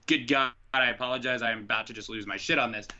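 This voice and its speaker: A man's voice: medium pitch, fairly even intonation, fast talker, pushed and bright, dull audio. A man from the United States co-hosting a podcast, ranting with frustration and plenty of swearing. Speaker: podcast co-host. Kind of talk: casual podcast chat. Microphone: online call mic.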